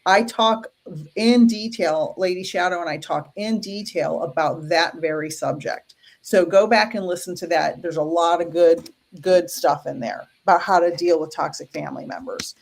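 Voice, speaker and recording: A woman's voice: lowish voice, moderate pace, vocal fry. A woman co-hosting a live stream, pulling cards and chatting playfully with viewers. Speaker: co-host. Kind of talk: live-stream card reading.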